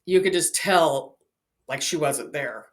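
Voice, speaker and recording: A woman's voice: low-pitched, takes it slowly. Chatty woman telling a story. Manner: chatty, animated, acts out quoted voices. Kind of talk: casual storytelling.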